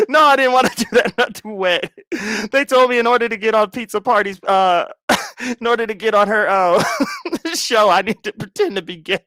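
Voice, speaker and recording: A man in his thirties hosting a casual livestream chat, loud and animated, laughing constantly. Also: high voice, normal speed, no room sound, clean studio sound. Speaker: livestream host.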